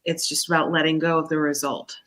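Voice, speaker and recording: Bright-toned woman tarot reader chatting. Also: sits low, flat delivery, quick pace. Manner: chatty, explains at length. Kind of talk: casual chat.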